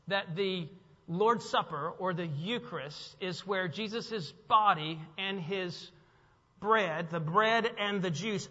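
A male pastor preaching in a church, with a high, bright, ringing voice. He is animated, acting out the people in the story and tossing questions back to the congregation. The sound carries a long hall reverb and is slightly dull and lo-fi. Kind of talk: sermon. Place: church sanctuary.

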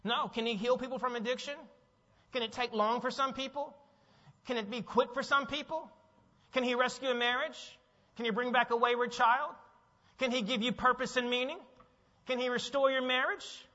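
Man, pastor, sermon, bright tense voice, animated, long hall reverb, muffled lo-fi sound. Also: very high voice, moderate pace. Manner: animated, asks the audience questions.

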